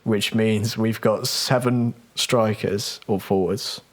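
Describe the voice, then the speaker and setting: Slow-talking English man, casual podcast chat. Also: fairly low pitch, steady tone. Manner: reads out lists, decisive. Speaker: podcast co-host.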